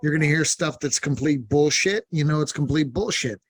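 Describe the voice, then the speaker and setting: Male podcast co-host, voice a bit high, blunt and exasperated. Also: brisk. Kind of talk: comedic podcast banter.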